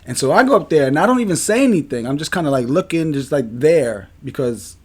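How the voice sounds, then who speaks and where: A man tells a story as a podcast co-host, his voice sitting a bit higher than most men's. He talks in a loose, animated, emphatic way and swears freely. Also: fairly quick, slightly rough. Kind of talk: casual storytelling.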